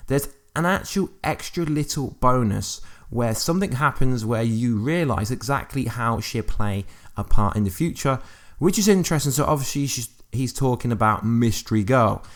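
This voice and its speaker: A man's voice: mid-range voice, lively intonation, moderate pace. Man musing over fan theories. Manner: reads quotes aloud, then muses with fillers and restarts. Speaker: YouTube fan channel host. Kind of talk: casual commentary on TV news.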